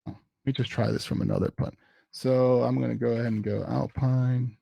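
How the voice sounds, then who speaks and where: A man walks through a live software demo at a meetup and narrates each command as he types it. His voice has a gravelly edge and sits at a middling pitch. The sound is dry, with no room echo. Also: little pitch movement, a little fast. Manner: casual, thinks aloud while typing commands. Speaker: tech meetup presenter.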